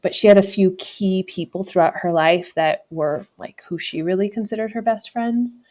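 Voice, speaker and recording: With a mid-range, slightly mellow voice at normal speed, an American podcast guest in her thirties tells a personal story in a conversational, candid, reflective way, often correcting herself and laughing.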